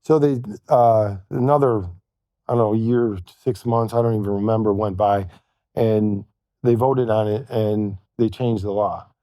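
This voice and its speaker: A man telling a long personal story as a podcast guest, halting and quoting what others said to him. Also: on the low side, steady tone, mellow, no room sound, clean studio sound. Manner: halting, retells events with quoted dialogue. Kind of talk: storytelling in conversation.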